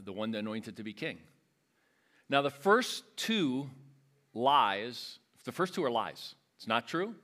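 A man's voice: on the low side, pushed and bright. A man teaching a Bible passage verse by verse in an explanatory way, often restarting and adding asides.

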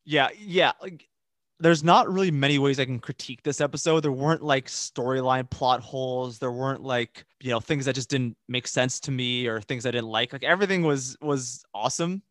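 A man's voice: medium pitch, normal speed, fairly bright tone, no echo, studio quality. A man co-hosting a casual podcast, easygoing and a bit hesitant, with many fillers and restarts. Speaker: podcast co-host.

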